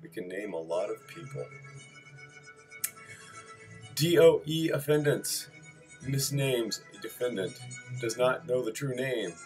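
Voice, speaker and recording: With soft music behind and low-quality audio, a man with a medium-pitched, slightly mellow voice reads civil procedure notes at normal speed with lively intonation. He lists terse points, tossing in wry remarks and sheepishly backtracking.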